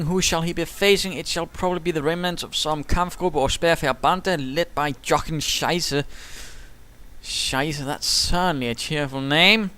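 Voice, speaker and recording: A man commentates a strategy game replay with a playful, theatrical flair. His voice sits a little high and comes through smooth and crisp, and he keeps slipping in whimsical asides. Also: sharp tone. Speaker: caster.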